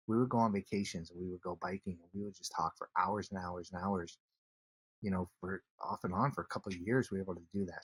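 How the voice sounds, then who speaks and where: A man, a guest on an interview podcast, telling a personal story earnestly, with many halting restarts. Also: low-pitched, a bit bright, slightly rough, no room sound.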